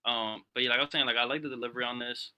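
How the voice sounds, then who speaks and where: A man's voice: medium pitch, steady tone, racing, bright, forceful tone, clear, resonant tone. A man hosting a music review show, chatting casually and calling everyone "bro". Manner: laid-back, peppers talk with "bro". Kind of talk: casual slangy chat.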